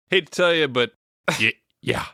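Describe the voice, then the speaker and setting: Slow-talking man with a bright tone. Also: fairly high pitch, creaky, no echo, studio quality. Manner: short reactions, laughs, swears. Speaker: podcast co-host. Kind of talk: casual movie chat.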